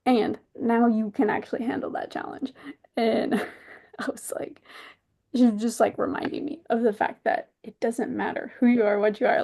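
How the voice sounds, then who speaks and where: Chatty woman with gravelly fry. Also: a little high. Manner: animated storytelling, quotes herself and friends, laughs often. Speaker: podcast co-host. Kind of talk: casual chat.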